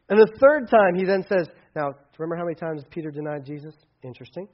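Lively preacher man, dull lo-fi sound. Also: fast, few pauses. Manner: conversational, acts out dialogue with big swings in pitch and loudness. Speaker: pastor. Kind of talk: casual sermon.

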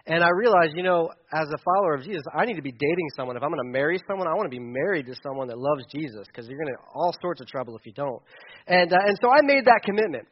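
A man's voice: fairly high pitch, animated, rapid-fire, highs cut off. A middle-aged man preaching, telling a personal story candidly with a self-deprecating touch and many fillers and restarts. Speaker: pastor. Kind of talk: sermon storytelling.

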